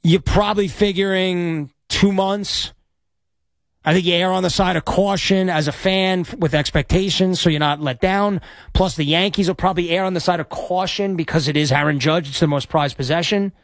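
Upbeat sports radio host, a man, pitched a bit high, dry studio sound. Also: normal speed, no room sound. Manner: energetic, rambling, self-promoting. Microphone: studio microphone.

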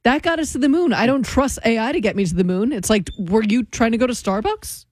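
A woman co-hosting a radio show, chiming in with quick, sassy remarks. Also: a little high, darkish tone, dry recording, clean studio sound. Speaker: radio co-host. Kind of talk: casual radio banter.

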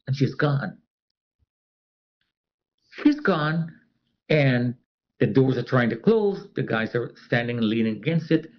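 A man's voice: medium pitch, big pitch swings, unhurried, long pauses, dull audio. A man telling a personal story as an interviewee. He talks animatedly and acts out the other people's voices.

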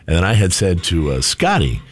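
Man, radio co-host, rambling casual chat, low voice, lively swooping pitch, studio mic. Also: fairly quick, slightly rough. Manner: rambling, chatty storytelling with fillers.

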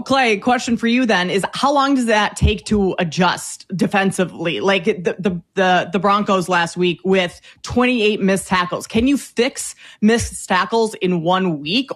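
A woman hosting a sports betting show, chatty with lots of fillers and quick bursts. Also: medium pitch. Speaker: host. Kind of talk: casual sports talk.

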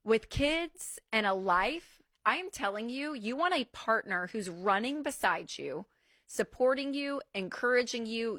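A woman hosting an advice call-in show, talking emphatically and warmly like a mother giving counsel. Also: medium pitch, no room sound, clean studio sound. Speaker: host.

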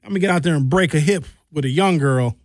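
Man, talk-show host, slightly high voice, outspoken, animated, dry close studio sound. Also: fast talker, no room sound. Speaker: radio and podcast host. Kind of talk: opinionated talk-show banter.

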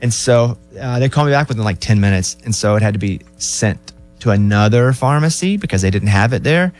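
A man's voice: on the low side, brisk, faint music behind. A man co-hosting a podcast, telling stories in casual chat. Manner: storytelling, animated retelling. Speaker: podcast co-host.

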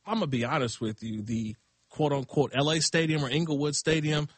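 A man's voice: on the high side, a little fast, breathy edge, no room sound. A middle-aged man filling in as a sports radio host, chatting casually and laughing, with loose restarts. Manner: laid-back, laughing, talks in loose restarts. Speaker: fill-in radio show host.

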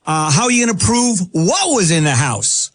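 A man's voice: high-pitched, big pitch swings, moderate pace, fairly bright tone. A man hosting a call-in legal advice show, blunt and impatient, cutting into the caller's story to press for his question. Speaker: radio legal advice host.

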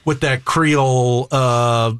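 A man chatting casually as a guest on a talk radio show, telling stories in a relaxed way. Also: mid-range voice, slow pace, clean tone. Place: radio studio.

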